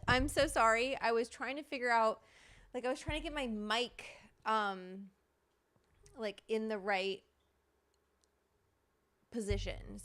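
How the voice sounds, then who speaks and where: A woman's voice: medium pitch, pushed and bright, clear, resonant tone. A woman hosting a casual livestream from home, apologizing and talking to herself while she sets up her desk mic. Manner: flustered, apologetic, talks to herself while fixing gear. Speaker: livestream host. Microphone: desk microphone.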